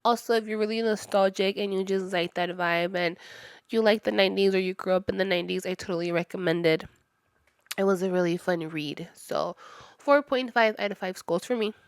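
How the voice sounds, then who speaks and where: A woman's voice: medium pitch, smooth, dry recording. A woman in her thirties chatting casually through a book review, retelling the story with lots of "like" fillers. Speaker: book reviewer, channel host.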